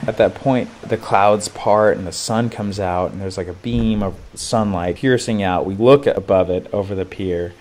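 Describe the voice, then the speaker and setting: A young man in his twenties telling a personal story, animated and slangy, full of "like" and "dude". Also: lowish voice, normal speed, hardly any pauses, slight background noise. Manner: animated, slangy, lots of filler "like". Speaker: vlogger. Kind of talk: casual storytelling.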